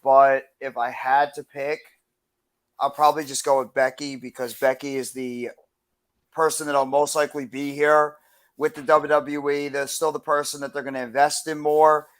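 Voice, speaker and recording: A man co-hosting a casual wrestling chat, giving his picks in a measured, reasoned way. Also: mid-range voice, flat delivery. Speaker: podcast co-host.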